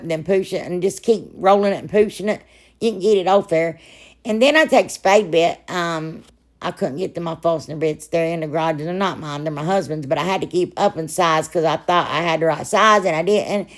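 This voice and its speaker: A woman, hoarse and froggy from a sore throat, narrating a crafting video in a rambling, chatty way with lots of asides. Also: lowish voice, moderate pace. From Ohio, US. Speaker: crafting channel host. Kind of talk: casual DIY voice-over narration.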